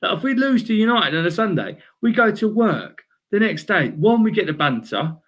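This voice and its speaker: Lively slangy guy. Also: sits high, moderate pace. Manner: energetic, slangy, keeps saying mate. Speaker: guest fan. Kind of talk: casual fan chat stream.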